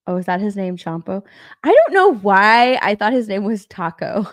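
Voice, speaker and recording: A woman's voice: mid-range voice, big pitch swings, normal speed, no echo, studio quality. A young woman chatting casually on a live stream, rambling and repeating herself, swearing and laughing. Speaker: stream co-host.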